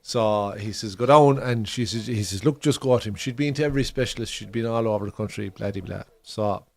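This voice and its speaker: A man's voice: fairly low pitch, a little fast, creaky, a little mellow. An Irish man co-hosting a football watchalong from a bar, telling a swearing, laughing anecdote in casual chat. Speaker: watchalong co-host. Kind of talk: casual pub storytelling.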